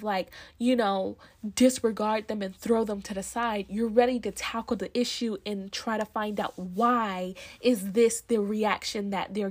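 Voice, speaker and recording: A young woman rambles through her own podcast in a loose, reflective flow, circling back on her thoughts and leaning on fillers. Her voice sits in a middle range for a woman. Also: medium pitch. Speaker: podcast host. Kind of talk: casual solo podcast chat.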